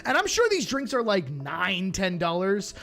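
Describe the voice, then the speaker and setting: A man's voice: high-pitched, wildly swooping pitch, unhurried, creaky, pushed and bright. Playful man chatting live with his stream. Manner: chatty, playful, talks straight to his chat. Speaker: streamer reacting to videos. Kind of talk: casual live-stream chat.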